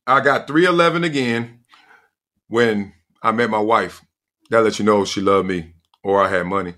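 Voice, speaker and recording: A middle-aged man hosting a casual solo podcast, telling stories in a slangy, animated way and laughing often. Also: lowish voice, normal speed. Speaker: podcast host.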